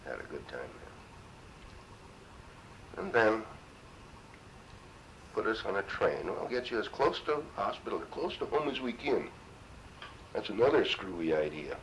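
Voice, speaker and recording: A man's voice: lowish voice, unhurried, pauses often, a little hiss or hum, poor audio. A man in his seventies from Minnesota, a war veteran telling his story in an oral history interview, salty and full of cursing. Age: 70s. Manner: salty, profane, animated storyteller.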